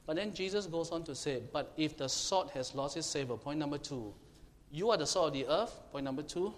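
A man preaching a sermon, emphatic and questioning his congregation, now and then shouting to make a point. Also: on the high side, expressive, brisk. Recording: long hall reverb, faint room noise.

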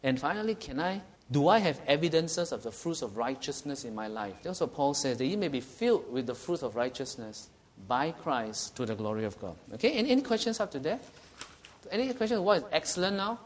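A man's voice: fairly high pitch, very animated, a little fast. A middle-aged man with a Singaporean English accent, preaching a sermon in a conversational way, asking the congregation questions and chuckling at his own jokes.

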